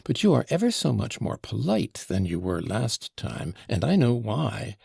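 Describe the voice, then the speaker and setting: A man narrating an audiobook performs a fawning, mocking devil disguised as a shabby gentleman, pitching the voice above his own with a gravelly creak and husky edge. The character darts between sly courtesy and small French flourishes, with big pitch swings at a measured pace. It's heavily acted and recorded dry and close, with no echo.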